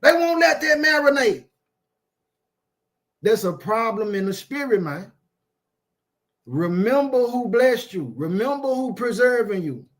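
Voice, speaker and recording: A man's voice: very high voice, very animated, measured pace, a bit bright. A man preaching an informal sermon, emphatic and repetitive, with streetwise phrasing and frequent asides of "man".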